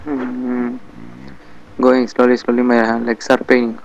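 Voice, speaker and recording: A man's voice: medium pitch, monotone, a little slow, muffled recording, slight background noise. A man with an Indian English accent doing a comic dub of a video game, bickering and muttering to himself as he goes.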